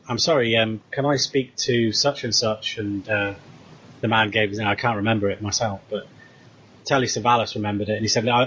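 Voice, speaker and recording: A man's voice: lowish voice, husky, rough recording. A British man casually retelling a story, acting out the dialogue as he goes. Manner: animated retelling with quoted dialogue. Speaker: co-host.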